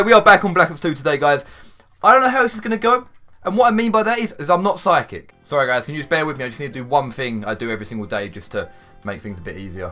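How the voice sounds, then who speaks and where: A young-sounding man narrates his gameplay in a bright, fairly high voice. His pitch swings widely as he rambles, swears and suddenly shouts. Faint game music plays behind him. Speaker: gaming YouTuber. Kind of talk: live gameplay commentary.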